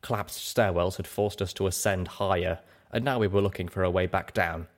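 A man narrating a story aloud as an audiobook reader, with an expressive, dramatic delivery. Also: low voice, a little fast. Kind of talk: scripted narration.

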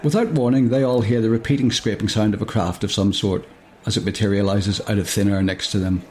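A storyteller and podcast host reads a comic story aloud, stopping often to joke, laugh and go off on tangents. His lowish voice is brisk and a little mellow, with a steady tone.

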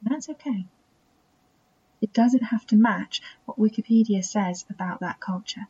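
Woman podcast host, self-taught English accent, warm husky voice, soft and reflective, near-whispered asides, muffled sound. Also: medium pitch, unhurried. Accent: self-taught English accent that drifts toward American. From England. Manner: soft and intimate, slipping into breathy near-whispers. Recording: dull, muffled recording.

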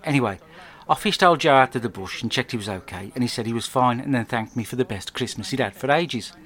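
Crude deadpan English man rambling. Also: medium pitch, fast. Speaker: podcast host. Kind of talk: comic diary monologue.

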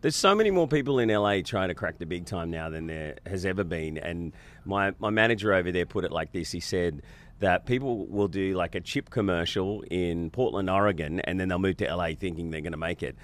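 A male host chats casually with a guest. His voice is very deep, and he asks relaxed questions with a teasing edge. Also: fairly quick. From Australia. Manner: easygoing, teasing. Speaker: host, interviewer. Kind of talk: casual chat.

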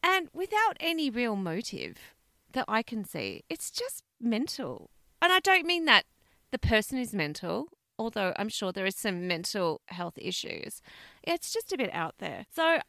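Brief: woman, podcast co-host, playful and animated, bright high voice. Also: moderate pace, gravelly, dry recording, studio quality. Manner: animated, playful, swears and laughs easily. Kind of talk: casual chat.

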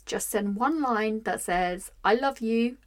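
A woman's voice: fairly high pitch, slow pace. A young woman hosting her own podcast, talking candidly and with feeling about her life, with frequent "like" fillers and restarts. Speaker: podcast host. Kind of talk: personal reflective monologue.

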